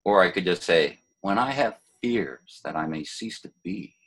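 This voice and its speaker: An older man, a poet, talking in a relaxed interview, thoughtful and hesitant, with many fillers and restarts. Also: low-pitched, moderate pace, rough recording. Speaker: poet, former city poet laureate.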